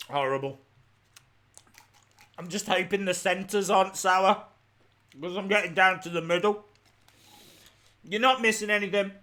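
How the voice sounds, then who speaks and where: A man's voice: high voice, pushed and bright. A man hosting a live reaction stream, teary with a runny nose, talking in dramatic, exasperated outbursts.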